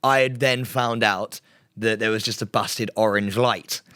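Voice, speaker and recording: This podcast co-host, a young British man, speaks in a smooth, lowish voice without hurrying. Chatting casually, he tells a story with plenty of laughter and animated impressions of what people said.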